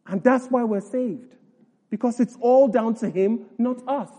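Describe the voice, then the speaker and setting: A man's voice: extremely high pitch, a little slow, dark tone. A man preaching a sermon as pastor, earnest and emphatic, often calling his listeners dear saints. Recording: long hall reverb.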